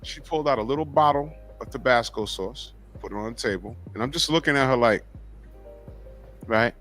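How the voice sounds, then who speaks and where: A middle-aged man, hosting a podcast and telling a story in an animated, profane way. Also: medium pitch, fairly quick, faint music behind. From New York. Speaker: podcast host. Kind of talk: casual chat.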